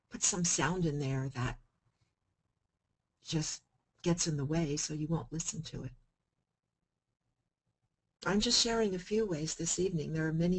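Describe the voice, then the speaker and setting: A woman giving a coaching self-help talk to a group, switching between calm explanation and sudden loud, playful emphasis. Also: low voice, husky, rough recording.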